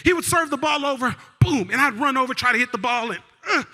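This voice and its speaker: A man giving a motivational keynote, leading the crowd in call-and-response and telling a story that swings between loud and hushed. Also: very high voice, fast. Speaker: keynote speaker. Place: large event hall. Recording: live hall with long reverb.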